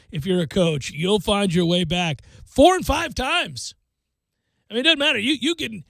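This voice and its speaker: Guy hosting sports talk radio, high voice, sarcastic ranting, dry studio sound. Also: creaky, a bit bright, no room sound.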